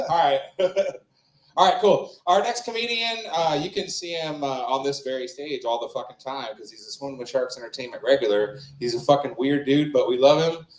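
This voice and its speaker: A man's voice: medium pitch, a little fast. A man hosting an open mic, doing crude, loose stand-up on a small club stage. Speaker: open mic host and comedian. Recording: roomy club sound.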